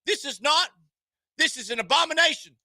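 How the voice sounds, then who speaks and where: A man's voice: extremely high pitch, expressive, a little fast, pushed and bright, no echo, pitched above the performer's own voice, heavily acted. A man voicing a pompous male courtroom lawyer with a put-on Southern drawl and theatrical declarations. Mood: indignant.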